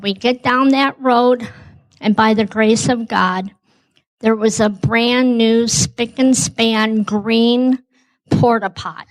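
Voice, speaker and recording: A woman's voice: on the high side, steady tone, slow, low-quality recording. A woman telling a personal story as a guest, acting out both sides of the conversation. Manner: acts out dialogue, says "I go" often.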